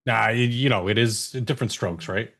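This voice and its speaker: A man chatting on a panel over a video call, animated and profane, with stammering restarts. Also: on the low side, normal speed, creaky. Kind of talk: casual panel chat.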